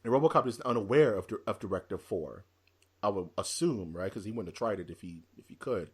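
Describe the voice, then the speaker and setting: A man's voice: fairly low pitch, brisk, husky. A man hosting a podcast, retelling movie scenes in casual chat and acting out lines as he goes. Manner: animated, acts out movie lines mid-story. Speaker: podcast host.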